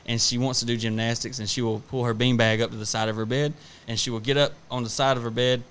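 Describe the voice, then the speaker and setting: A man with a drawl, co-hosting a laid-back podcast. He rambles through stories about his kids and his job, swearing freely and acting out the exchanges as he goes. The voice sits at an ordinary middle pitch. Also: level tone, fast, a bit bright, slight background noise. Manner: profane, rambling storyteller who acts out family anecdotes. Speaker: podcast co-host. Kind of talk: casual podcast chat.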